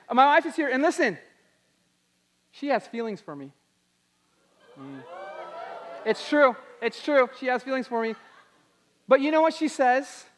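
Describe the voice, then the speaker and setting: A young man giving an animated talk to a youth audience, acting out quotes in put-on voices. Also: high-pitched. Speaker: youth speaker.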